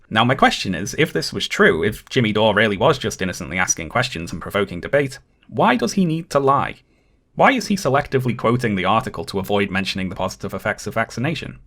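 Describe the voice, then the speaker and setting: Male essayist, quick and low-pitched, reads a script with measured skepticism. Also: big pitch swings, fairly bright tone. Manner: measured, dryly critical. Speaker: video essayist. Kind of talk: scripted video essay narration.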